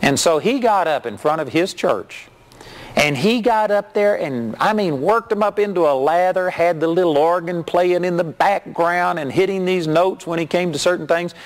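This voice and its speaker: A middle-aged man preaching a sermon as a television minister, reading scripture and telling stories with animated mimicry. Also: moderate pace. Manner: animated storytelling, mimics hyped preachers in a high voice.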